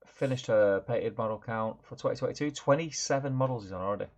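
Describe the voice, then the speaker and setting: A man's voice: mid-range voice, fast talker. A man co-hosting a hobby stream, upbeat and jokey as he reads out viewers' names. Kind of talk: casual chat. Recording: slightly dull, lo-fi audio.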